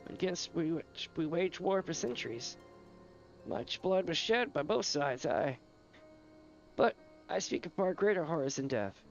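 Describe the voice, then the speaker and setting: Guy doing a fierce old mom from a game, rustic lilt, higher voice that swings around a lot. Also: creaky, dull audio, full character voice. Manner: theatrical, rustic old-woman lilt, nagging "eh?". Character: grieving old mother, fierce and superstitious. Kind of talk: reading game dialogue aloud.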